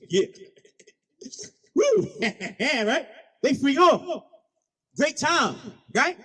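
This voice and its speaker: Brief: high-pitched man telling playful stories in a keynote, checking in with the room. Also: extremely slow, in a large hall. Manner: animated, call-and-response with audience; playful, slangy. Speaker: keynote speaker. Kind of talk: storytelling speech.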